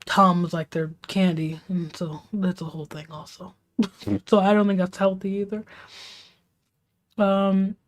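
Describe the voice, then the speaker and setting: A woman streamer venting from home late at night, keeping her voice hushed and half-whispered, swearing and rambling with restarts. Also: mid-range voice, little pitch movement, a little slow, long pauses. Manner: hushed, half-whispered talk to keep quiet. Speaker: live streamer. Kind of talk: venting storytime on a livestream.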